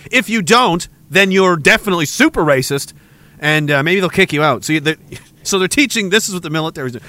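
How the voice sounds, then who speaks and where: A man's voice: high-pitched, sharp tone. A man from Canada hosting a livestream, ranting sarcastically and with a lot of profanity, reading chat and laughing often. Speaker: livestream host.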